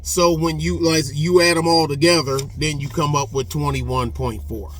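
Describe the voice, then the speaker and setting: A man's voice: a little high, fairly even intonation, normal speed, a bit bright, soft background music. A middle-aged man giving rambling, folksy casual commentary, often drifting off on tangents. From Texas. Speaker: channel host.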